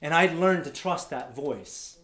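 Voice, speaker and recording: Animated man telling a story. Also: fairly high pitch, measured pace. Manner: acts out voices of others, laughs often. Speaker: speaker telling a story to an audience. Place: event hall before a live audience.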